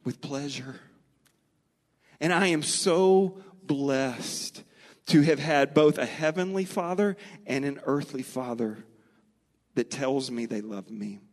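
A middle-aged man preaching a sermon, earnest and storytelling, slowing and speeding up for emphasis. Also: medium pitch, lively intonation. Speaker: pastor. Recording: long reverb of a large hall.

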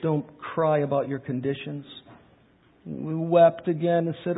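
A pastor preaching a sermon, swinging from loud pleading questions to quiet asides. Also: male voice, on the high side, fairly even intonation, measured pace, creaky. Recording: tinny phone-like sound.

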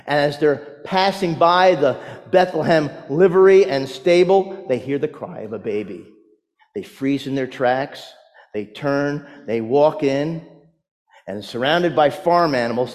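A man's voice: mid-range voice, a little mellow. A man, a pastor, preaching a sermon and telling stories with rising emphasis. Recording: long hall reverb.

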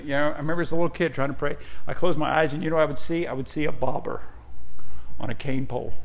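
A middle-aged man preaches a sermon in a somewhat high voice. He talks conversationally, full of personal stories and small fillers. At key points he climbs into fervent, lifted emphasis. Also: vocal fry, fairly bright tone. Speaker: pastor.

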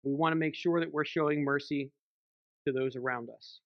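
Speaking at a moderate pace with fairly even intonation, a church elder whose voice is a little high delivers a sermon in a chatty way, frequently asking "right?" There's no room sound, and the audio is dull.

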